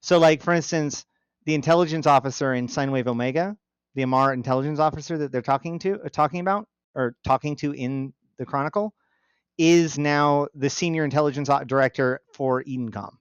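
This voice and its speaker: Male co-host, lore enthusiast, smooth voice, dry and dull sound. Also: medium pitch, brisk, no echo. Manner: enthusiastic, nerdy, explains lore at length. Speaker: podcast co-host. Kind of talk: casual chat.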